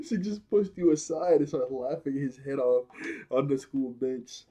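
A young man casually recapping and reviewing a cartoon episode, animated and slangy, laughing often as he retells scenes. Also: mid-range voice, moderate pace.

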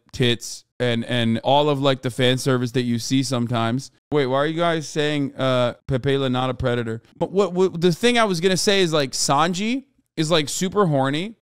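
A man rants to his live chat in a high, clear voice, animated and exasperated, swearing freely. The sound is close and dry, with no room echo. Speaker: live streamer. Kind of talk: casual rant to live chat.

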